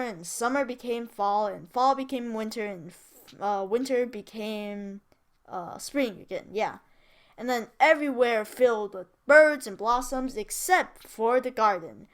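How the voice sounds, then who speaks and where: A woman's voice: a little high, a bit bright, clean tone. A woman who teaches English, reading a story aloud in a chatty way, with casual asides and self-corrections.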